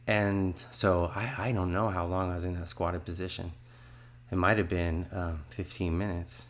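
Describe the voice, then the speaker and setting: A man's voice: low voice, flat delivery, normal speed. A man in his fifties telling a religious testimony in an earnest, rambling way, often restarting his sentences. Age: 50s. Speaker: testimony speaker.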